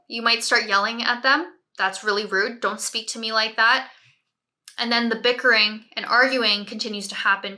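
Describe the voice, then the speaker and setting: Woman, parent coach, very bright sharp voice, a bit high, direct coaching manner. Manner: coaching, direct, often adds "right?" checks. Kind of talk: advice talk to camera.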